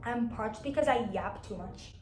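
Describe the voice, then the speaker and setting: A woman's voice: fairly high pitch, moderate pace, a little mellow, slight background noise. Chatty, rambling young woman, echoey room. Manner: chatty and rambling, with frequent restarts and apologies. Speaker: book vlogger. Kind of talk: casual chat about books.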